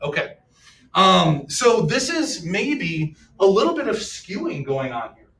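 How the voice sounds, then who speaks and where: In an echoey classroom with the mic far off, a man teaches history, joking around animatedly and firing questions at his students. His voice is high and a little slow, with a bit of hiss or hum.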